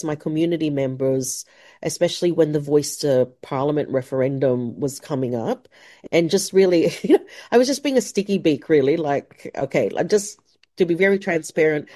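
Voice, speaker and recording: A woman gives a candid interview. Her voice sits low and mellow, and her delivery is chatty and informal, full of "like" and "um" and quick laughs. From Philippines. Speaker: interview guest, researcher.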